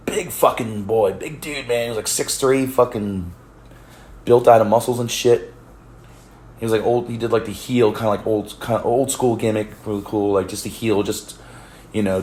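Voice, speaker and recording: A man's voice: fairly low pitch, darkish tone, echoey room. A man from the United States telling a story in a rambling vlog, with many restarts, swearing and laughs. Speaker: vlogger. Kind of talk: casual storytelling.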